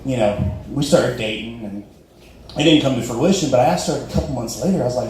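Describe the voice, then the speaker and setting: Man, self-deprecating stand-up comic, mellow tone, roomy distant club recording, faint ambience. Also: fast talker, slight background noise. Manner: self-deprecating, acts out dialogue in high squeaky voices. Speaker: stand-up comedian. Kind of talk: stand-up comedy set. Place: comedy club stage. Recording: roomy club audio from far off.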